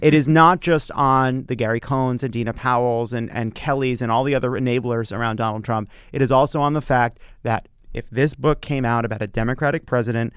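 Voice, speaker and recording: A man's voice: mid-range voice, fairly even intonation, fairly quick, few pauses, clear, resonant tone, no room sound, studio quality. A man co-hosting a casual political chat podcast, exasperated and emphatic. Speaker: podcast co-host.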